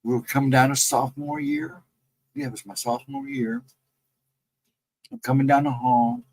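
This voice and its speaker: Gravelly, husky man telling ghost stories. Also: medium pitch, wildly swooping pitch, moderate pace, rough recording. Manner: rambling, self-correcting, conversational. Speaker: guest storyteller. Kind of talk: casual telling of personal ghost encounters.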